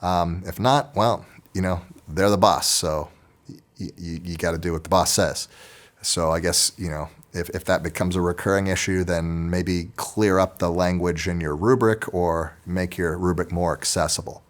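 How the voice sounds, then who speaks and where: Low-voiced man teaching fellow teachers. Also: steady tone, normal speed. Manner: conversational, with frequent restarts and fillers. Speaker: orchestra teacher. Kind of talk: casual instructional talk to teachers.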